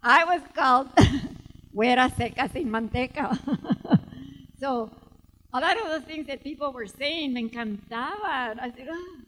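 High-voiced woman telling stories, hall reverb. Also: lively intonation, unhurried, long pauses, a bit bright. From Salinas, California. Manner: switches between English and Spanish, laughs often. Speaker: author. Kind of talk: storytelling at a book event. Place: bookstore event space.

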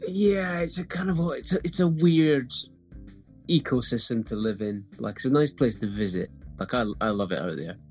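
A man hosting a casual chat, relaxed and hesitant, often repeating words. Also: medium pitch, normal speed, soft background music. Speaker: host.

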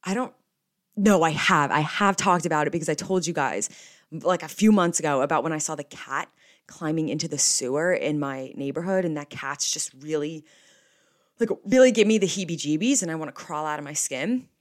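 A woman's voice: low voice, a little fast. A young woman, hosting a podcast in a rambling, casual chat full of swearing. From New Jersey. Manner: chatty and rambling, with frequent swearing. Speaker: podcast host.

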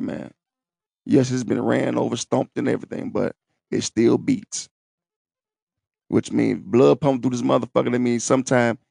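A young man rambles through his own podcast in a heavily gravelly, fry-laden voice. His talk is profane and streetwise, full of swagger and boasts. The sound is dry and close, with almost no room around it. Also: mid-range voice, a little mellow, dry recording. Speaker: podcast host. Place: at home, seated in a wheelchair.

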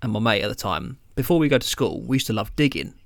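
A man's voice: medium pitch, very animated, fast, vocal fry, no echo. Rambling British man, dry close sound. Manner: rambling, filler-heavy, banters and swears. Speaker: podcast co-host. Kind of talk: casual chat.

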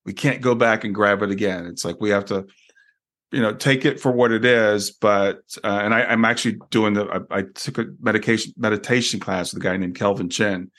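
A man hosting a casual interview, talking in a relaxed way with frequent restarts and fillers. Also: on the low side, a little fast. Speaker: podcast host.

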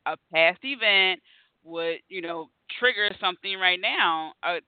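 A man's voice: high voice, measured pace, clear, resonant tone, dry recording. A man hosting a casual conversation, telling stories animatedly and acting out his own reactions. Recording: tinny phone-like line.

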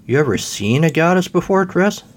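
A man's voice: fairly high pitch, sing-song, normal speed, pitched above the performer's own voice. A man voicing a sarcastic female goddess of critique in a read-aloud play, haughty and mocking, in a raised voice.

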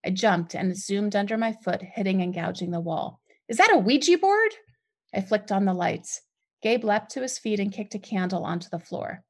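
A woman reads her own novel aloud in the first person, in a voice of middle pitch. She tells the story plainly, then lifts sharply and loudly whenever a character speaks. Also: moderate pace. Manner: expressive, lifts voice sharply for dialogue. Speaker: author reading her novel. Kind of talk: first-person fiction reading.

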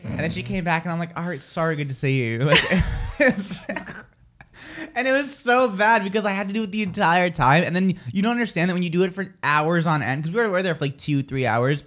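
A man co-hosting a live morning radio show, talking casually with lots of fillers. He tells stories in an animated way, acting out quotes and sounds as he goes. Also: sits high, a little fast, a little hiss or hum. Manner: chatty with many fillers.

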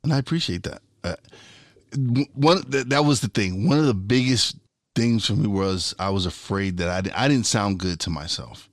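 Guy podcaster, kinda low voice, cusses a lot, fired up, dry close mic. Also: moderate pace, dry recording. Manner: profane, animated, repeats and restarts words. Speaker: podcast and radio host. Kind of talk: casual interview chat.

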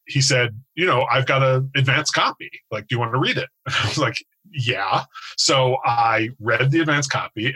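A man's voice: mid-range voice, bright, forceful tone, husky, poor audio. A man in his forties from the United States, telling a long self-deprecating story in casual podcast chat. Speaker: podcast co-host.

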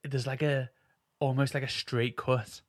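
A man's voice: mid-range voice, little pitch movement, a little slow, no room sound, clean studio sound. A man hosting a podcast, chatting casually and enthusiastically, rambling with lots of filler words. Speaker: podcast host. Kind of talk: casual chat.

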